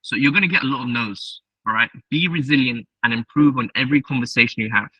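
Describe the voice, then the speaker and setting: A man giving a casual tech talk as a software engineer, telling stories and acting out the dialogue in a chatty, direct way. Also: mid-range voice, fast talker, breathy edge, dry recording. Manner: acts out dialogue in quoted voices, chatty and direct. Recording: distant mic, dull lo-fi sound.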